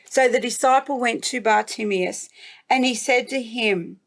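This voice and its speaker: An Australian woman telling a Bible story to children, her delivery unhurried and gentle with clear emphasis. Her voice sits a little high, and she takes her time over every phrase. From New South Wales, Australia. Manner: gentle, slow, warmly emphatic. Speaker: guest storyteller.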